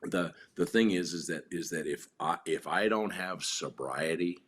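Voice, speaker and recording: A middle-aged man with a husky voice, a podcast guest telling stories candidly, rambling and repeating words, swearing freely. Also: a little slow, fairly bright tone. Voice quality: very deep, husky voice. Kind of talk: candid conversational storytelling.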